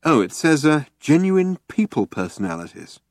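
A man's voice: fairly high pitch, sing-song, moderate pace, a little mellow, no echo, studio quality, pitched above the performer's own voice. A man voicing an eager, curious male traveller who asks pressing questions.

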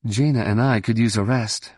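A man voicing a sharp, brisk woman starship pilot in a science fiction audiobook, with a clipped, decisive delivery. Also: lowish voice, steady tone, breathy edge, no echo, studio quality.

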